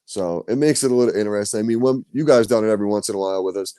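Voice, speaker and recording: A man's voice: lowish voice, rapid-fire, mellow, smooth, dry recording, clean studio sound. A man hosting a podcast, telling stories in loose, profane casual chat. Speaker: podcast host.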